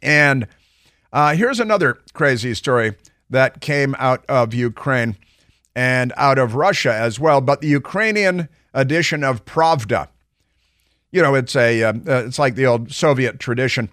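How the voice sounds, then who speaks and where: A man's voice: mid-range voice, lively intonation, measured pace, fairly bright tone, no echo, studio quality. A man hosting a talk radio show, delivering a sarcastic monologue. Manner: sarcastic, mocking quoted voices.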